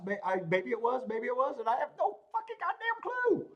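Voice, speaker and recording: A man hosting a live betting show rants in a high voice that jumps up and down all over the place. He swears constantly, yells at times and breaks into laughter between points. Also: expressive, fairly quick. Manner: ranting, swears heavily, laughs often. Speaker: horse racing show host. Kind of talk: profane live-stream rant.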